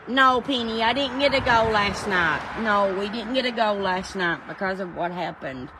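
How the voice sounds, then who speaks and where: A woman hosts an easygoing livestream, calling viewers by name and responding to their comments in a folksy way. She speaks at medium pitch and normal speed, with background noise present.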